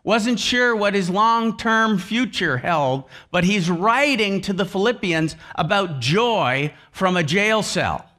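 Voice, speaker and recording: A man's voice: sits high, expressive, takes it slowly, hardly any pauses, pushed and bright. A man preaching a sermon with emphasis, repeating key phrases over and over. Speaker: pastor.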